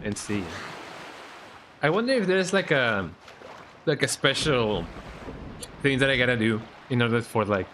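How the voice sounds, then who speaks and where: A man with a mid-range voice streams a video game against a noisy background. He chats casually and rambles in a relaxed way, ending many of his lines with "eh?" as he plays.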